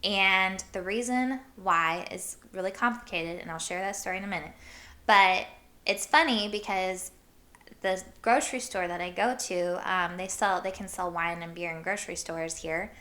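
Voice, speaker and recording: Podcast host, woman from Iowa; bright, sharp voice; loose, chatty storytelling, filler-heavy. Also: medium pitch, moderate pace. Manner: rambling, full of "like", laughs often. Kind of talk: casual storytelling chat.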